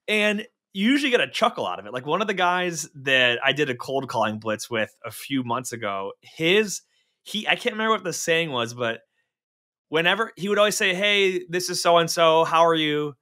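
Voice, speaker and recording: A man's voice: on the high side, animated, fairly quick, sharp tone. A man co-hosting a podcast in casual chat, chatty and full of joking asides. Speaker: podcast co-host.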